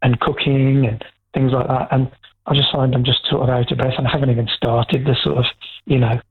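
A man's voice: medium pitch, flat delivery, fairly quick, husky. Man calling in over a tinny phone line. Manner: frank, rambling with restarts. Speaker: radio phone-in caller. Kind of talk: candid phone-in call.

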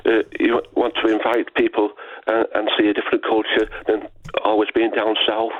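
A man's voice: on the low side, completely flat delivery, dry recording, phone-quality sound. Hesitant male caller. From England. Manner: hesitant, halting, polite. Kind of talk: casual phone-in call.

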